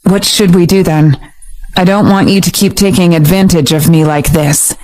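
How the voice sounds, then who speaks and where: A woman's voice: lowish voice, fairly even intonation, moderate pace, darkish tone, lightly acted. A woman voicing a blunt, impatient injured young man in a romance audiobook. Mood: curt. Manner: curt, matter-of-fact.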